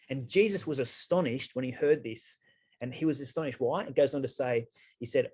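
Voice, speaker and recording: A man's voice: mid-range voice, fairly quick, darkish tone. Chatty pastor, man. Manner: chatty, with frequent restarts and asides. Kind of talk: conversational sermon to an online group.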